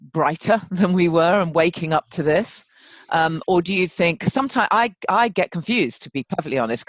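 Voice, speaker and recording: A woman's voice: sits low, no room sound. Chatty woman host, dry sound. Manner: hesitant, many fillers and restarts, chatty. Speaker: podcast host. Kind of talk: interview conversation.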